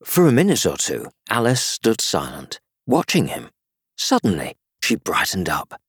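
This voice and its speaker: An adult reader narrating a storybook with huge leaps in pitch and a mid-range voice. The recording is close and dry. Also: unhurried, slightly rough, no echo. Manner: highly animated, big pitch swings. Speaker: volunteer reader. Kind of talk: storybook reading.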